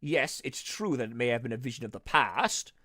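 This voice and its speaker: A calm ghostly mentor weighs each point in a measured, reasoning tone, as a man puts him on. His voice is bright and dry, with a lively pitch. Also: no echo. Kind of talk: voicing game dialogue.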